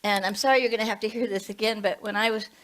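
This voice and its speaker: A woman's voice: mid-range voice, steady tone, fast talker, fairly bright tone, poor audio. A woman in her late seventies, a minister and hospice chaplain, giving a conversational sermon full of personal stories and asides. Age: 70s. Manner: chatty, storytelling with asides.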